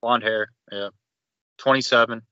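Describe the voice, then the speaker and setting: A man with a bright, forward voice recounts an old story in a relaxed, matter-of-fact way. The recording is dry and close, with dull, lo-fi audio. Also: mid-range voice, unhurried, smooth, dry recording. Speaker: podcast guest. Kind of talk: casual chat.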